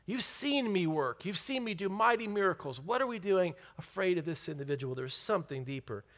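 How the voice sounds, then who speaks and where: A man voicing God as patient and gently firm, coaxing with repeated questions. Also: high-pitched, very animated, fairly quick, pitched above the performer's own voice. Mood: probing.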